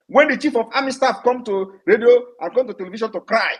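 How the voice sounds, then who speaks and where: A man's voice: sits high, animated, fast, hardly any pauses, slightly rough. A man with a Nigerian accent gives a heated, accusatory speech to a live online audio room, firing off rhetorical questions. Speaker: political leader addressing listeners. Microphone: online audio-room stream.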